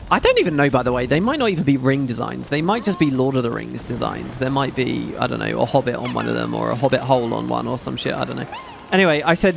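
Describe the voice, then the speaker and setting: A man chatting casually over gameplay as a YouTube host, rambling and excitable, swearing freely. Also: mid-range voice, quick pace, vocal fry, a little hiss or hum. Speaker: gaming YouTuber.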